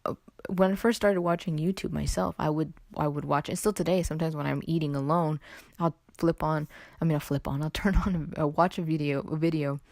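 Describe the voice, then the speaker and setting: A woman's voice: low voice, fairly even intonation, a little fast, gravelly, darkish tone, dry recording, clean studio sound. A young woman from California hosting a casual solo podcast, chatty and rambling, a little under the weather. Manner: rambling, chatty, self-interrupting with "like" and "anyway". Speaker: podcast host.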